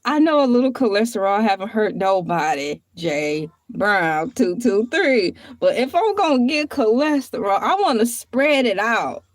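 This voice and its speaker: Woman livestreamer, high bouncy voice, casual chat, playful, laughs often, dry close sound. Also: very animated, measured pace, hardly any pauses, no echo. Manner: chatty and playful, laughs often, drifts between topics. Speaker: livestream host.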